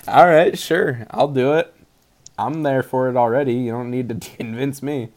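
A man's voice: medium pitch, steady tone, moderate pace, a little mellow. A man co-hosting a casual movie chat, sarcastic and giggly, often laughing mid-sentence. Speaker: podcast co-host reviewing movies.

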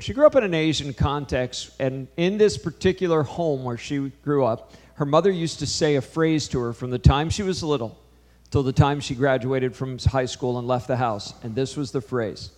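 A man's voice: mid-range voice, darkish tone. Preaching man in a reverberant hall. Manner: storytelling, quoting conversations with shifting emphasis. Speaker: pastor. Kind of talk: sermon.

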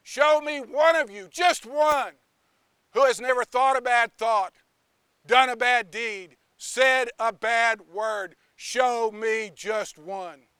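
A stern, rule-bound guardian at heaven's gates, as a preacher puts him on, speaking in slow, measured phrases. The voice is clear and crisp on a dry recording. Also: male voice, very high voice, bright, forceful tone, no echo, full character voice. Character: stern powerful male guardian Justice at the gates.

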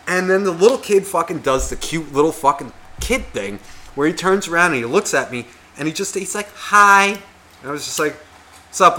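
Profane, bright-voiced man telling a story. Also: fairly high pitch, a little hiss or hum. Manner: profane, animated, acts out quoted voices. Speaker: podcast co-host. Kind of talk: casual storytelling chat.

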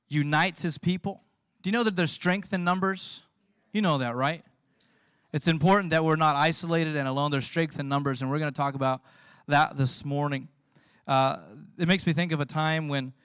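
A man preaching a sermon as the pastor, telling lively stories and laughing as he goes. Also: medium pitch, smooth, dry recording. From California. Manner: storytelling, animated, laughs often.

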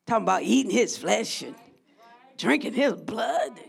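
A woman preaching a sermon who swings from hushed, drawn-out lines to shouted crescendos and calls out to her congregation. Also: medium pitch, expressive, vocal fry, slightly rough. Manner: call-and-response with the congregation.

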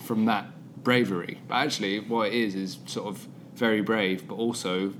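A man's voice: fairly low pitch, steady tone, normal speed, noisy background. A man from England co-hosting a podcast in casual chat, joking and trailing off mid-sentence. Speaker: podcast co-host.

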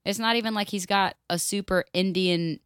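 Reading a story aloud on a casual podcast, this co-host keeps cutting in with blunt comments full of swearing, and she laughs a lot. Her medium-pitched voice is clear, resonant and fairly bright, with fairly even intonation and a moderate pace, captured at studio quality with no echo.

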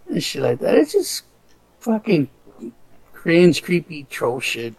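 A man in casual chat, telling stories loosely with profanity and quick impressions of others. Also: fairly high pitch, wildly swooping pitch, vocal fry, darkish tone, breathy edge, dry recording.

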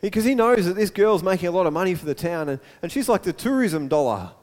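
High-voiced preacher telling a story. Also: male voice, fast talker. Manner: storytelling, animated, repeats words. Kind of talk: sermon. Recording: echoey hall.

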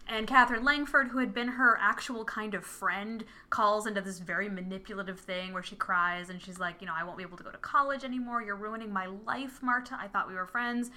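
Bright-voiced woman recapping a film. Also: medium pitch, brisk, few pauses. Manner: animated, acts out characters' lines while retelling. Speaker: podcast co-host. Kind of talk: casual film recap chat. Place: home with a cat nearby.

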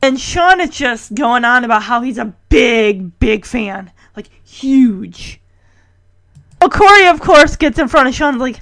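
Animated woman recapping a show. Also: a little high, unhurried. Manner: animated, laughs often, acts out quotes. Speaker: recap podcast host. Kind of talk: casual episode recap.

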